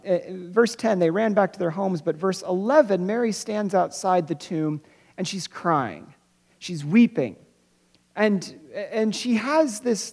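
A pastor giving an Easter sermon, who thinks aloud, restarts phrases and repeats words, and slows down to stress key points. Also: mid-range voice, a little mellow. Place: church sanctuary. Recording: long reverb of a church hall.

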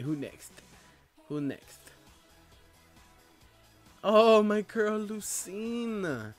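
A young man giving casual gameplay commentary as a let's player, with loud excitable outbursts and a lot of laughing. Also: a little high. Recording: faint game music behind.

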